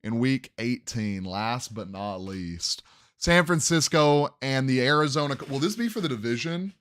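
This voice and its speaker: Young man, podcast host, casual sports talk, thinks aloud, resonant clear voice, medium pitch. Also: lively intonation, unhurried, fairly bright tone, no echo, studio quality. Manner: thinks aloud, second-guesses his picks.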